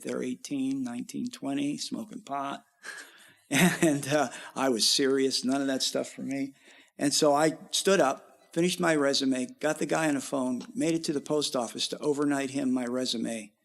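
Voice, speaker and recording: Man, middle-aged, gravelly, rambling storyteller, casual interview. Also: mid-range voice, moderate pace. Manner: rambling, animated when quoting others. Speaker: guest musician.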